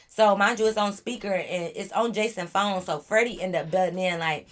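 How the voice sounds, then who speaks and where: A woman vlogger telling a story in a casual, animated, slangy way, with profanity and exasperated asides. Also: mid-range voice, normal speed.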